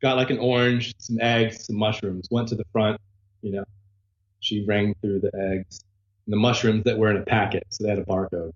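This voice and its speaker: A man, a guest musician, telling lively anecdotes in casual conversation and mimicking the people in them. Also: lowish voice, normal speed, reverberant, lo-fi sound. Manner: animated, imitates voices in anecdotes. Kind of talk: casual storytelling chat. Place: abroad in a Spanish-speaking country.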